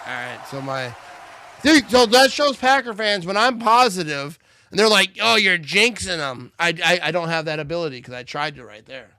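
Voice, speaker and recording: A man's voice: on the high side, big pitch swings, normal speed, no room sound, clean studio sound. A man hosting a live watch party, joking and calling plays, a bit tipsy. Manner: loud, joking play-by-play banter. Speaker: livestream host.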